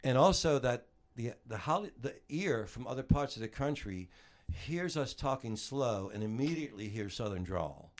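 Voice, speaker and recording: A man with a New Orleans accent telling stories in a casual chat, animated and laughing, with the odd swear. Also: medium pitch, moderate pace, hardly any pauses. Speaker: guest.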